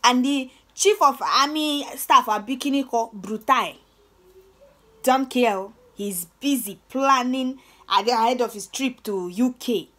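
Nigerian woman vlogger, young, slightly high voice, scornful rant, stammery and repetitive. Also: measured pace, bright, forceful tone. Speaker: channel host. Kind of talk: ranting commentary vlog.

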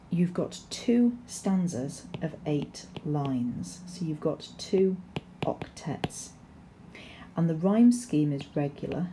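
Low-voiced woman teaching a poetry lesson. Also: creaky, a little hiss or hum. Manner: explanatory, steady, with frequent ums and restarts. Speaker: English teacher. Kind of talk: recorded poetry lesson with slides.

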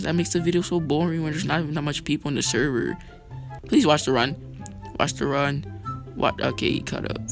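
A young man talks over his football gameplay with a gravelly, bright edge, his pitch leaping all over the place as he hypes his team and teases himself. Light music plays underneath. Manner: excitable, hyped, self-mocking. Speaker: gaming video creator. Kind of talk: live gameplay commentary.

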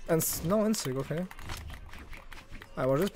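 Excitable young man, lively high voice. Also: normal speed, faint music behind. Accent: non-native English accent. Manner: excitable, swings between groans and shouts. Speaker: streamer. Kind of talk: live gameplay commentary.

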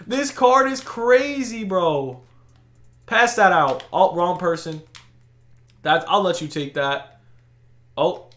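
A man giving live commentary over his own basketball video game play, slangy and hyped, breaking into shouts of disbelief. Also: high-pitched, slow pace, long pauses. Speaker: gaming YouTuber. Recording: echoey room.

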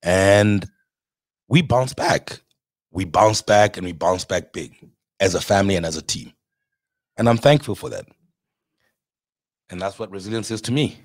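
A South African restaurateur tells his story in a candid interview, animated and casual, swearing now and then and acting out the people he quotes. He has a deep voice and a measured pace with long pauses, on a dry recording.

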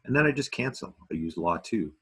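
A man's voice: fairly low pitch, expressive, brisk, a bit bright, breathy edge. A man teaching math in a recorded video lesson, talking casually with self-deprecating asides.

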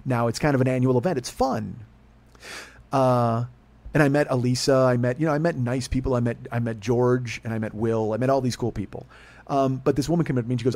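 A middle-aged man hosting a podcast, telling a rambling, profane story with excitement and acting out the dialogue. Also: medium pitch, fast. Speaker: podcast host. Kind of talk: casual monologue storytelling.

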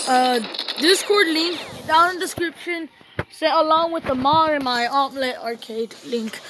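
A young gamer casually commenting on a strategy game she plays, rambling to herself and giving shout-outs to viewers. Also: high voice, noisy background. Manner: rambling, talks to herself while playing. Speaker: gaming channel host.

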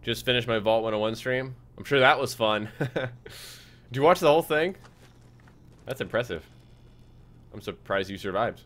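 A man's voice: medium pitch, moderate pace, pauses often. Casual male game streamer chatting. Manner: relaxed, reads chat aloud, frequent fillers. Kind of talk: casual live-stream chat over gameplay.

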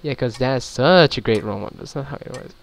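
A man's voice: mid-range voice, quick pace, vocal fry, slight background noise. A man casually commenting as he plays a story game, thinking aloud about which choice to pick. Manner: chatty, reacts aloud while thinking through choices. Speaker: gaming channel host.

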